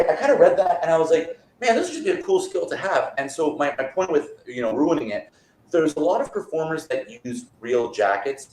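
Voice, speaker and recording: A man's voice: mid-range voice, darkish tone, a little hiss or hum. A man as a guest magician, telling rambling stories in a laid-back way over a remote call from a borrowed apartment. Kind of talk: casual interview chat. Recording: roomy echo.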